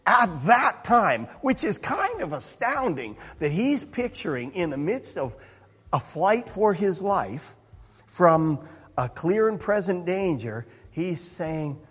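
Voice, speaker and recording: A man's voice: high voice, very animated, slow pace, fairly bright tone, breathy edge. A man preaching a sermon as pastor, in a conversational, self-interrupting way with chuckling asides. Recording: reverberant hall.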